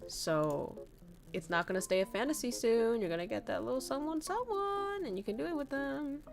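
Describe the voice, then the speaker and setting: A woman's voice: fairly high pitch, lively intonation, normal speed, gravelly, faint music behind. A young woman from northern Vietnam, candidly chatting with viewers as a streamer, swearing freely and laughing often. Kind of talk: casual chat reading viewer messages.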